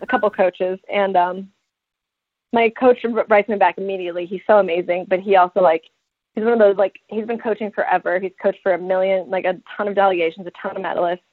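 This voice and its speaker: Woman telling her story over a tinny line. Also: medium pitch. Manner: animated, laughing, acts out quoted lines. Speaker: Paralympic track athlete telling her story. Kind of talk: casual storytelling.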